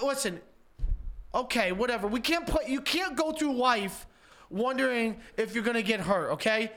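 A man's voice: extremely high pitch, animated, moderate pace, fairly bright tone. A man co-hosting a sports talk show, chatting casually, rambling and insistent with many stammered restarts. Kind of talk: casual sports radio chat.

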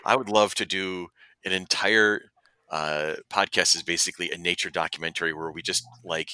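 A man co-hosting a casual podcast with a very bright, forward voice. He jokes around, laughs often and trips over repeated words. The sound is dry and close. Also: deep voice, steady tone, normal speed, smooth, no echo. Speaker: podcast co-host.

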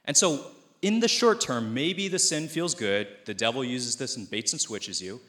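A man's voice: medium pitch, lively intonation, moderate pace, bright, forceful tone. A man in his thirties, a pastor, giving a conversational, self-deprecating sermon in a church. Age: 30s.

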